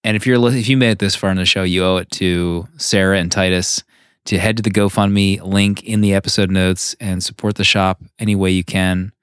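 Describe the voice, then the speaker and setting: A man's voice: low voice, fairly even intonation, fairly quick, a bit bright, clear, resonant tone, dry recording, studio quality. A man co-hosting a comics podcast, chatting casually and wryly about old episodes. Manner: wry, reminiscing, lots of laughs. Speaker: podcast co-host. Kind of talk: casual chat.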